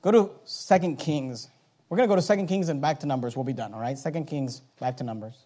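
A man preaching a sermon, reading scripture aloud and swinging from quiet asides to loud, slowed-down emphasis. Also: a little high. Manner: reads King James scripture aloud, slowing for emphasis.

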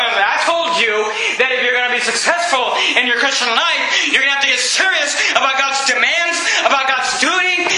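A man, a pastor, preaching an impassioned sermon, often shouting and then dropping to a hush. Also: very high-pitched, animated, a little fast, hardly any pauses, reverberant, crowd noise, poor audio. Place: church sanctuary.

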